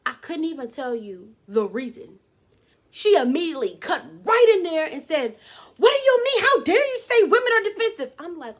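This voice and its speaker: A woman talking casually to camera, giving her opinions and acting out quoted voices. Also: a little high. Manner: animated, dramatic quoted voices. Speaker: vlogger.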